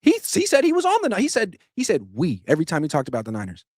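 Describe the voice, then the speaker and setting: A man hosting a sports podcast, giving opinionated solo commentary in an animated, sarcastic way that jumps louder for emphasis. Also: a little high, rapid-fire, no echo, studio quality.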